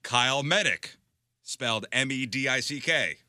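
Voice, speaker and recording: A man's voice: mid-range voice, lively intonation, normal speed, bright, forceful tone, no room sound, studio quality. A man co-hosting a casual radio talk show, reading out odd news stories and putting punch into the quotes. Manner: playful, reads quotes in punchy voices.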